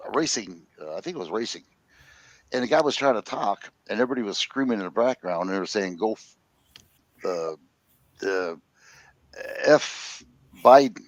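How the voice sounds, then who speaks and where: A man's voice: on the low side, animated, fast, no room sound. A man in his sixties rambling and joking in a casual group chat. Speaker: host. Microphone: phone.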